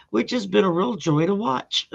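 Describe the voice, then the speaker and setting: A woman hosts a live stream in easygoing chat, drawling slowly through her words. Her voice has a gravelly, fry-laden edge. The audio sounds dull and lo-fi. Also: medium pitch. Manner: rambling, laid-back, reads out viewer names. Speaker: host of a live tarot stream.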